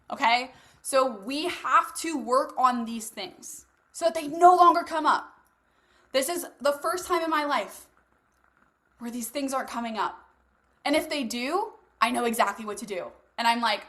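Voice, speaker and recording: A young woman leads a motivational group session in a high, bright voice. She talks casually and bluntly, drops swear words without fuss and speaks straight to her listeners like friends. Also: lively intonation, normal speed. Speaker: host leading a live masterclass. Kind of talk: motivational coaching talk.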